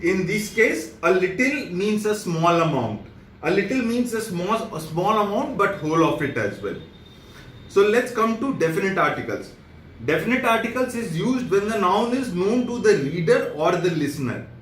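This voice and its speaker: A man with an Indian English accent teaching a grammar lesson, repeating and rephrasing each point slowly. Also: high voice, sing-song, a bit bright. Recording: echoey room, distant mic, faint noise.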